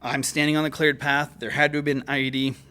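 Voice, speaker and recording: A man's voice: a little high, flat delivery, quick pace, bright, forceful tone, clean tone. A man guest on a podcast, telling a story in a casual, profane way full of fillers. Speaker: guest, military veteran. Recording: podcast studio mic.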